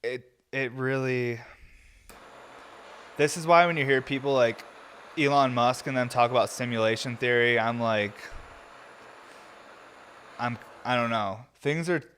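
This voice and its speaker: A young man hosts a podcast from a garage, spinning loose stories in a relaxed, meandering way. He fills his talk with likes and you-knows and swears freely, his voice sitting at an ordinary middle pitch. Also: measured pace, pauses often, slight background noise. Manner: rambling, filler-heavy, swears freely. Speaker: podcast host. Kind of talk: casual storytelling chat. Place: home garage.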